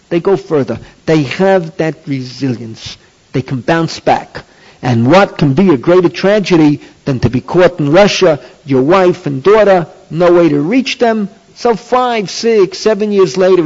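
A man's voice: a little high, a little mellow. A man teaching a religious class, emphatic and repetitive, often firing off questions and repeating key phrases. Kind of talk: Torah lecture. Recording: dull lo-fi tape recording.

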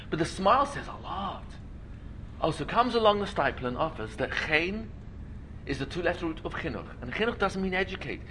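A man's voice: sits high, bright, forceful tone, slightly rough. A man giving a lecture to an audience, often acting out little scenes in funny voices, asking rhetorical questions and laughing. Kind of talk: lecture at a learning day. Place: lecture at a school event, before an audience.

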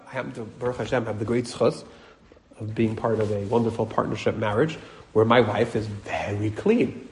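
A man's voice: fairly low pitch, normal speed, darkish tone. A middle-aged man giving a casual, joking Torah class, telling stories and acting out quoted voices, with Hebrew and Yiddish words mixed in. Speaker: Torah teacher.

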